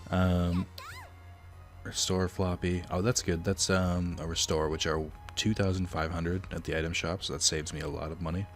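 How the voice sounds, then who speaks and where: A man's voice: low voice, little pitch movement, moderate pace, faint music behind. A man doing casual let's play commentary, rambling with fillers and the odd swear. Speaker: let's player.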